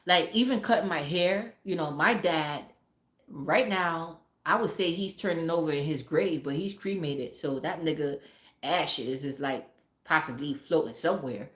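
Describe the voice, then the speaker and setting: A woman's voice: low voice, a little slow. A mother from a Caribbean family chatting casually on a livestream, blunt and profane and laughing often. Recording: roomy echo.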